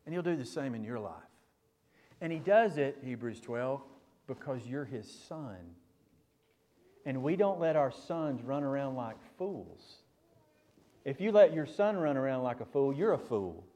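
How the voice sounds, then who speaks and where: A male pastor preaching a sermon, speaking directly to the congregation and building from quiet teaching to loud, emphatic preaching. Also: medium pitch, expressive, unhurried.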